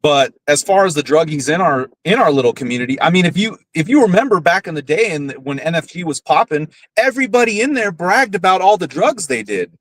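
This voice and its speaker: A man's voice: on the high side, lively intonation, fairly quick, few pauses, fairly bright tone, dry recording, poor audio. Blunt, profane man ranting on a podcast. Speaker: podcast host. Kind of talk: casual ranting commentary.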